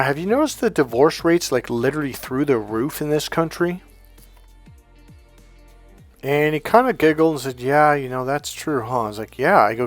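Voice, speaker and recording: Guy coach telling a story, voice a bit high, acts out both sides, dry close sound, faint music behind. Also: dry recording. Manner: animated, acts out quoted dialogue. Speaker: life coach. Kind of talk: casual storytelling talk.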